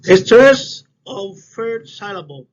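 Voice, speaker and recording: Slow, halting man presenting a class. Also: high voice. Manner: halting non-native English, repeats words slowly. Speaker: student presenter. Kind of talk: class presentation on word stress. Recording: dull lo-fi recording with faint noise.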